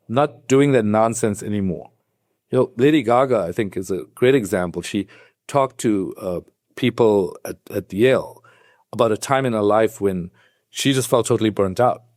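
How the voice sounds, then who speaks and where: A man, a psychiatrist guest on a podcast, who talks in an animated, conversational way and explains things step by step like a teacher. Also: on the low side, moderate pace, no echo, studio quality. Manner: animated storyteller, acts out quoted voices.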